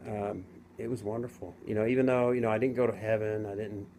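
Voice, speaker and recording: A middle-aged man casually telling his own story to camera, rambling and halting with many restarts. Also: on the low side, steady tone, warm tone, slight background noise. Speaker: vlogger telling his near-death story.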